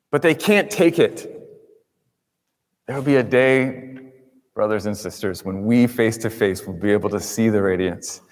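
A man pastor preaching a sermon, addressing the congregation with emphatic rises and drops. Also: on the low side. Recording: long reverb in a large room.

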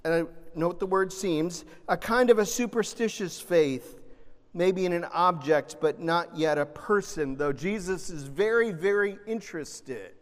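A man preaching a sermon, animated, swinging between loud emphasis and soft, gentle asides. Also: sits high, unhurried. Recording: long reverb of a large hall.

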